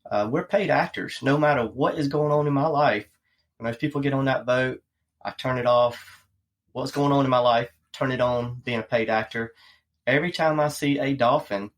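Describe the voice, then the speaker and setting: A man, a tour boat captain answering interview questions in an earnest, measured way. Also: mid-range voice.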